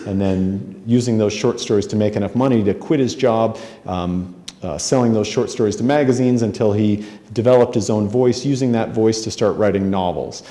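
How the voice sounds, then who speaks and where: Middle-aged male author, low mellow voice, conversational storyteller at a podium. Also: moderate pace. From Spokane, Washington, USA. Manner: self-deprecating, conversational, frequent ums and restarts. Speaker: author giving a talk. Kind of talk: anecdotal storytelling speech. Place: hotel conference room.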